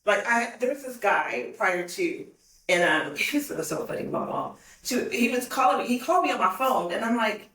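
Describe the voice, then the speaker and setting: A woman's voice: fairly high pitch, normal speed. Woman chatting on a podcast, lots of laughs, mic kinda far, echoey room. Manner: animated, laughs often while telling stories. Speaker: podcast guest. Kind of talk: casual storytelling. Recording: roomy, distant mic.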